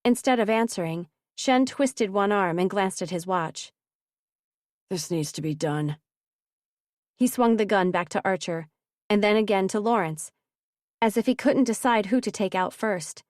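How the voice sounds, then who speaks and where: A woman narrating a young adult fantasy audiobook in an even, measured reading. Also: medium pitch, no room sound, clean studio sound. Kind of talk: scripted narration.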